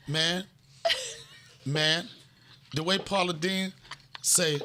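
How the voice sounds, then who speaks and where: A man's voice: high-pitched, fairly even intonation, takes it slowly, pauses often, background noise. A middle-aged man hosting a casual comedy chat, joking loosely and repeating himself as he goes. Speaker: host.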